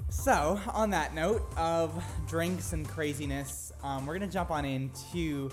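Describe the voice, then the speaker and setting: A woman's voice: sits low, a little slow, over music. A woman co-hosting a podcast in a playful, teasing manner, moving the talk along. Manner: teasing, playful, swings between loud and quiet. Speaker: podcast co-host. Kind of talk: casual chat, hosting.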